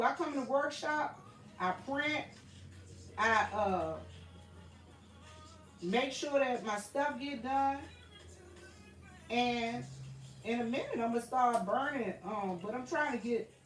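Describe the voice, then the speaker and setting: The recording is rough, the room echoey, and the mic distant as a woman with a fairly high voice and a Southern US accent runs a casual YouTube livestream. Sitting in her home workshop while a printer runs, she talks earnestly and repetitively, calling her audience y'all.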